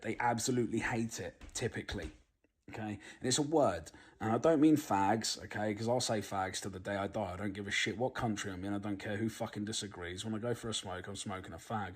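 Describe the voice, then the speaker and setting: British guy ranting, swears every other word, lowish husky voice. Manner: swears constantly, blunt and laughing. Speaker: vlogger. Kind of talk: casual rant to camera.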